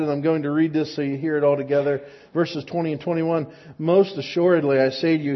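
A man's voice: a little high, dull audio. A man preaching a sermon in a conversational, relatable way, often checking in with "right?" asides. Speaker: pastor.

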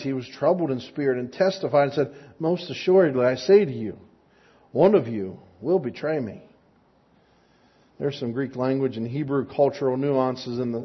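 A man's voice: a little high, breathy edge, muffled recording. A man preaching a sermon in a conversational, relatable way, often checking in with "right?" asides. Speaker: pastor.

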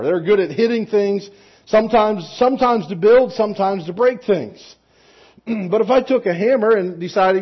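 A man with a high, husky voice gives a children's sermon in a church, talking casually and checking in with the kids. His delivery is conversational and full of rhetorical questions, and the recording sounds dull and lo-fi. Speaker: pastor.

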